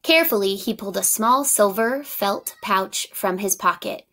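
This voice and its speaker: A woman teacher reading a picture book aloud to children, pausing to ask them for their predictions. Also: medium pitch. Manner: pauses to ask prediction questions, warm asides.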